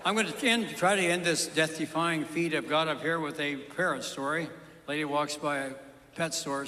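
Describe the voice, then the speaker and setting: A man telling stand-up jokes live, with punchy storytelling and quick asides. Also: fairly high pitch, bright, forceful tone, big-room sound. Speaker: stand-up comedian.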